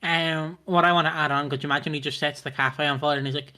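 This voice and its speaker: A man with a high voice for a man co-hosts a casual chat. He jokes around and acts out silly scenarios as he goes. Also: steady tone, quick pace, pushed and bright. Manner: jokey, acts out silly scenes. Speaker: co-host.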